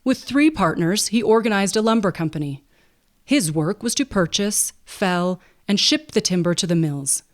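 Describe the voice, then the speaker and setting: A woman narrating a classic novel in an even, unhurried storytelling manner. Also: medium pitch. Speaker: audiobook narrator and podcast host.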